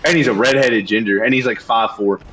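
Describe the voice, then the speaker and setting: A young man talking fast and loose in a casual chat while he games. He vents with a lot of profanity and animation, at a middling pitch with a faint hiss of background noise behind him. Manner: profane, animated venting about a coworker. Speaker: streamer.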